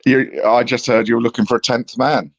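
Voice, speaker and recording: A man's voice: medium pitch, level tone, brisk, gravelly. A man with an English accent, a guest in a casual online panel chat, talking dryly and laughing often. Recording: muffled lo-fi mic.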